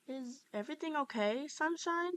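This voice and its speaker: A woman voicing a cheerful, childlike male animatronic sun who talks in a bubbly, excited, sing-song way in a fan audio story. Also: high voice, normal speed, pitched above the performer's own voice. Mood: gentle.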